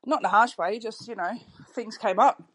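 A woman's voice: fairly high pitch, fairly quick, fairly bright tone, low-quality recording. Offhand Australian woman leaving a voicemail. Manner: offhand, candid. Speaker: caller leaving a voice message. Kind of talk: voice message.

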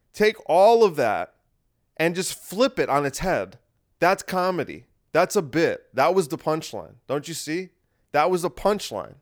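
A man hosting a podcast, talking in a casual, wry and rambling monologue that circles back and repeats itself. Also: fairly high pitch. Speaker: podcast host.

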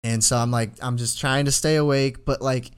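A man's voice: mid-range voice, steady tone, normal speed, clean tone. A young man in his twenties, co-hosting a podcast and telling a rambling story full of fillers in casual chat. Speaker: podcast co-host.

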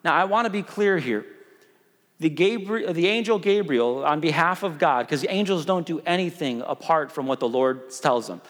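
A pastor delivers a sermon in a conversational, joking way, pressing his points hard. His voice is high for a man. A long reverb fills out the sound, as in a large sanctuary. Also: lively intonation, normal speed, a bit bright.

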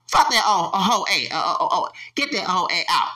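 A man in his forties rants on his own podcast in an angry, profane stream. His voice sits a little high and comes out bright and forceful. He stammers and restarts, then swings into loud, heated bursts. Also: animated, a little fast, hardly any pauses. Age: 40s. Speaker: podcast host. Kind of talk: solo podcast rant.

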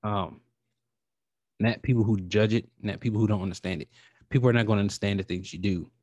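A man hosting his own podcast in a casual, rambling way, talking with animated feeling and casual swearing. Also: fairly low pitch, a little fast, dry recording. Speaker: podcast host. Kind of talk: casual solo podcast talk.

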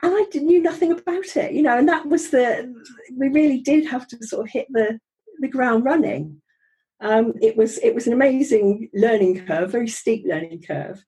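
Husky, mellow middle-aged woman. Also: on the high side, normal speed, poor audio. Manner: chatty and wry, with frequent ums and restarts. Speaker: guest telling her career story. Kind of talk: conversational storytelling.

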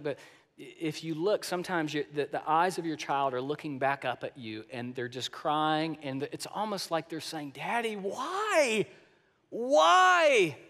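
Emphatic male pastor in a reverberant hall. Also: a little high. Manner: emphatic, swings from loud to soft, repeats words. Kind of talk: sermon. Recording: long reverb of a large hall.

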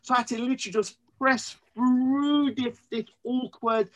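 A man, speaking as a podcast guest, earnest and emotional, telling his story in an animated way. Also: very high-pitched, normal speed, poor audio. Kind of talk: candid interview conversation.

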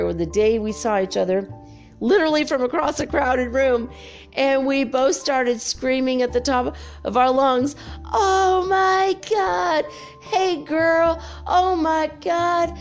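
Gravelly-voiced chatty woman. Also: on the high side. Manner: chatty, swears freely, animated storytelling. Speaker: spiritual vlogger. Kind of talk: casual chat.

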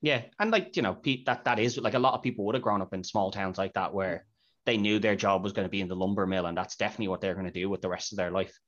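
A man's voice: deep voice, fast, a bit bright. A man hosting a podcast, chatting casually about a film and retelling scenes with quoted lines. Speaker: podcast host. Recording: dull lo-fi podcast audio.

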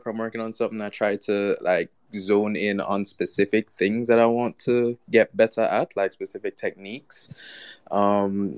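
A man with a very low voice talks reflectively about his craft in a measured way. The sound is dry and close. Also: clean tone, no room sound. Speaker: artist guest. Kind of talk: casual online group chat.

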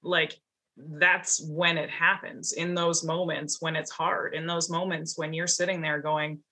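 A woman's voice: sits low, level tone, a little slow, sharp tone. A woman from Canada hosting an interview, talking with enthusiasm and reflection and laughing often. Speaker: podcast host. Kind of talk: casual interview chat.

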